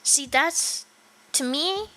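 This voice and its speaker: A woman's voice: high voice, lively intonation, drawn-out words, sharp tone, low-quality recording. A young woman livestreaming a game, chatting casually with her viewers, giggling often and swearing offhandedly. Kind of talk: casual gaming livestream chat.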